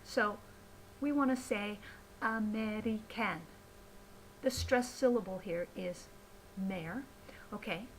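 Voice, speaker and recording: A woman teaching pronunciation, speaking slowly and deliberately and modeling words with careful enunciation. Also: mid-range voice, a little hiss or hum, low-quality recording. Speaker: English pronunciation tutor. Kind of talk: slow scripted teaching narration.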